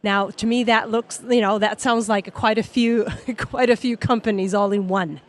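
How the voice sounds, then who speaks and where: A woman's voice: mid-range voice, steady tone, normal speed. A woman on a panel asking a long, rambling question, full of "you know". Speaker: panel judge.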